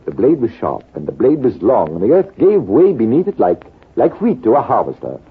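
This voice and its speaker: A storytelling army major. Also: male voice, mid-range voice, wildly swooping pitch, slightly rough, full character voice. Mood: calm. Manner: measured, deliberate storytelling. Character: British army major, storytelling veteran, composed. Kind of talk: 1940s radio acting. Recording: tinny, lo-fi old radio broadcast.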